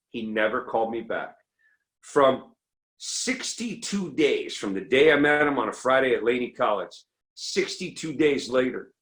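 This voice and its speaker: Animated middle-aged man telling jokey stories. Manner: animated storyteller, acts out quotes in a higher voice. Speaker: recovery meeting speaker. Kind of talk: comedic recovery talk.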